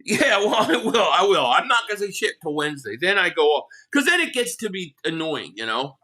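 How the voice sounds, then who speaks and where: A man's voice: high voice, big pitch swings, brisk, pushed and bright. A man hosting a live sports reaction stream, ranting heatedly and with lots of profanity while reading out viewer chats.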